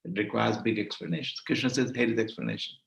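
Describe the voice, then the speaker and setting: A man's voice: fairly low pitch, quick pace, vocal fry. A man teaching a devotional scripture class, speaking emphatically and repeating phrases for stress over an online call. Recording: roomy echo.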